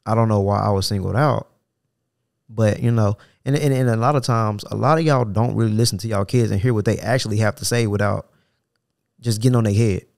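Gravelly-voiced casual podcast host, a man. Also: on the low side, fairly quick, darkish tone, dry recording, clean studio sound. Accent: African American Vernacular English. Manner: casual, profane, rambling, with frequent "you know what I'm saying". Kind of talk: solo podcast talk.

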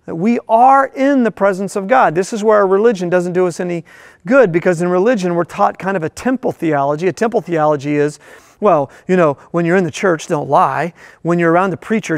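A man's voice: sits high, moderate pace, no room sound, clean studio sound. A male pastor preaching a sermon in a church, emphatic and full of rhetorical questions.

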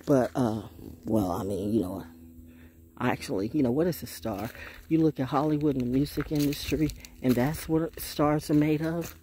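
A middle-aged woman talking casually to her phone while walking alone outdoors, rambling from one thought to the next and dropping into soft hushed asides. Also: a bass voice, normal speed, a little hiss or hum. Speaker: vlogger. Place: outdoors in nature.

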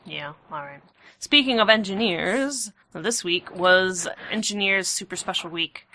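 A woman's voice: fairly low pitch, measured pace, pushed and bright. A woman hosting a casual gaming podcast, chatty and a little self-deprecating. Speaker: podcast host.

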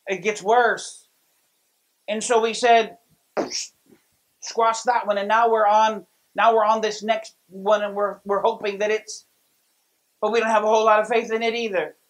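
A man preaching a sermon as pastor, telling stories with lively delivery and frequent restarts. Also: high voice, measured pace, pauses often, poor audio. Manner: storytelling, lively, many restarts.

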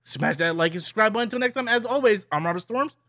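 A man's voice: sits high, animated, fast, pushed and bright, dry recording, studio quality. A man giving an annoyed, opinionated movie review in a rambling way, full of restarts and repeated words. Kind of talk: casual ranting review.

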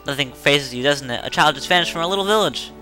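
A chatty, gossiping villager from a fantasy game trades rumors about the town, read out by a man. The voice is bright and somewhat high. The delivery is casual and talkative. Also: animated, fast talker, soft background music. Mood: gossipy.

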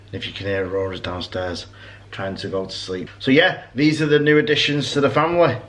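A man giving a relaxed, easygoing tour in a casual home vlog, indoors at home. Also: mid-range voice, fairly quick, rough recording. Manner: relaxed and easygoing, showing things around.

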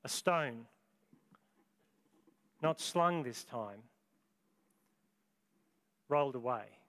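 A man, preaching a sermon as pastor, with dramatic, deliberate storytelling and long pauses. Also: medium pitch, lively intonation, fairly bright tone.

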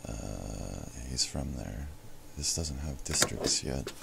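A man casually commenting while playing a video game, wry and offhand, with mock excitement. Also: rumbling low, slow, creaky, slight background noise. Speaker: gaming YouTuber. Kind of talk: casual let's-play commentary. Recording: loud game music underneath.

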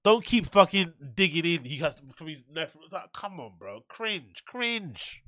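A man's voice: on the high side, big pitch swings, measured pace, sharp tone, dry recording. A man hosting a casual reaction video, profane and loose, riffing on a clip. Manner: profane, laughs often, riffs loosely.

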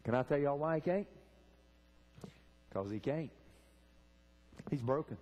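A man's voice: on the high side, expressive, measured pace, a little mellow, highs cut off. A man preaching a sermon in a church, fervently asking the congregation direct questions. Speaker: pastor. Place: church sanctuary.

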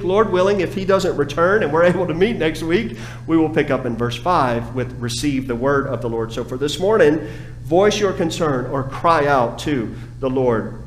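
A man's voice: on the high side, slight background noise. Impassioned male preacher in an echoey sanctuary. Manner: impassioned preaching, swings from hushed to raised. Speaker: pastor. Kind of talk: sermon. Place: church sanctuary.

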